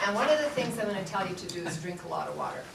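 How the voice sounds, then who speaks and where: A woman's voice: medium pitch, animated, rapid-fire, recorded from a distance. A woman singing teacher leading a voice workshop for a live audience, playful, laughing often and demonstrating sung vowel sounds. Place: large room with an audience. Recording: roomy echo, voice from off-mic, audible room noise.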